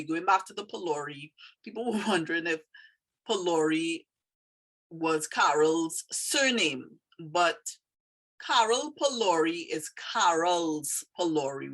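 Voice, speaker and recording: A woman with a Trinidadian accent talks through the meaning of her own poem. Her voice sits low, and she speaks in an easygoing way, often stopping to hunt for the right word. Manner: thoughtful, pauses to search for words. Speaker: poet explaining her poem. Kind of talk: casual explanatory talk.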